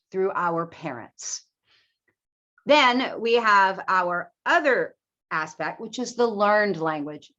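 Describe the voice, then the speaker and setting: Woman teacher, emphatic, lo-fi recording. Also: mid-range voice. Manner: clear, emphatic teaching voice with lively intonation. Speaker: ESL teacher. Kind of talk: presentation to teachers.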